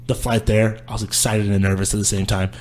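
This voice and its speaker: A man's voice: fairly low pitch, level tone, fairly quick, darkish tone. A young man, a guest on a casual podcast, telling his life story in a candid, rambling way. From Houston, Texas. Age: young adult.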